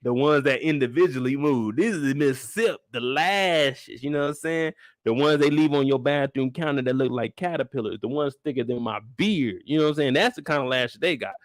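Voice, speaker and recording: A young man hosting a live after-show recap, talking in an animated, incredulous and profane way. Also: mid-range voice, a little fast, no room sound. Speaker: host.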